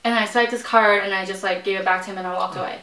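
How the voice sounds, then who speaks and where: A woman's voice: medium pitch, fairly even intonation, very fast, pushed and bright. A young adult woman hosting a vlog, chatting casually while eating, telling stories with acted-out quotes and frequent laughter. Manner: chatty storyteller, acts out quotes, laughs often. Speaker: vlog host. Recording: echoey room.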